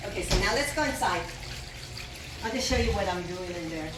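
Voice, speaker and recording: A woman's voice: medium pitch, background noise. Chatty woman with lots of "uh" fillers. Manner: chatty, rambling with many "uh" fillers. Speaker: cooking vlogger hosting a house tour. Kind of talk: casual vlog chat. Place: her home courtyard, outdoors. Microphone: camera held by her nephew.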